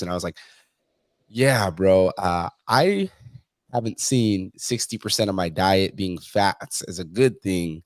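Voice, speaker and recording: Blunt profane man, low voice, dry close sound; fitness coach telling stories in a casual interview. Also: no echo. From Mexican heritage. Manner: blunt, profane, storytelling with quoted asides.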